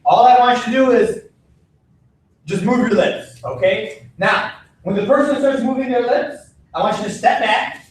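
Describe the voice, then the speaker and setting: A man with an extremely high-pitched voice gives children firm, repetitive directions during a martial arts self-defense class. He speaks at normal speed, heard from a distance in an echoing gym with a little background noise.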